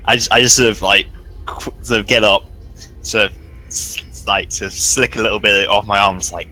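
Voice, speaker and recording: A man's voice: fairly low pitch, steady tone, moderate pace, pushed and bright, poor audio. A man playing a tabletop role-playing game, rambling as he describes his character's actions. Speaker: player.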